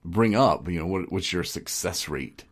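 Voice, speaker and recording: A man hosts a casual podcast in a very low voice. He rambles and jokes, circling back and restarting his sentences as he talks. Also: moderate pace. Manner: rambling, joking, many restarts. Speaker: podcast host.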